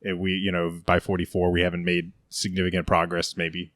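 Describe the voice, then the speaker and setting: Guy with a really low voice rambling about history, lots of "i mean", dry close sound. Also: monotone, fairly quick, fairly bright tone, no room sound. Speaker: podcast co-host. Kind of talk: casual history chat.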